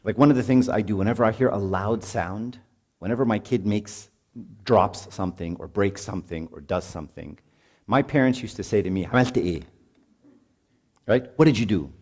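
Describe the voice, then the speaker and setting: A middle-aged man at a marriage retreat preaches informally to parents, his low, darkish voice moving a little fast. He peppers his talk with "right?" and performs the parts of parents and kids.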